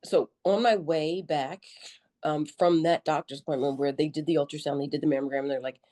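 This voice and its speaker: Mellow, lower-voiced woman telling stories. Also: brisk. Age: middle-aged. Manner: animated, joking, colloquial storyteller acting out her own quotes. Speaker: podcast guest, army veteran nurse. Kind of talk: conversational interview storytelling.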